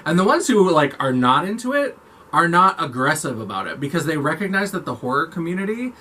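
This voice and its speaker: A man chatting to camera about makeup and creators, animated and campy in manner. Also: fairly high pitch, brisk. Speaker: makeup vlogger. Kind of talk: casual chat to camera.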